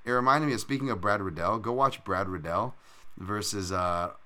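A man's voice: fairly low pitch, normal speed, pushed and bright. A man hosting a fight betting podcast in casual, profane, rambling chat with self-mocking jokes.

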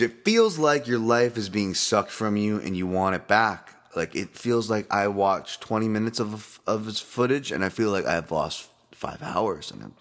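A man's voice: lowish voice, a bit bright. A man hosting a podcast, giving casual fight-betting commentary in a rambling, profane, worked-up way.

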